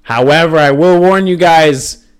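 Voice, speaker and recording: A man's voice: fairly high pitch, measured pace, clear, resonant tone. A man from Poland hosting a podcast in casual chat, rambling and swearing for emphasis. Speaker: podcast host.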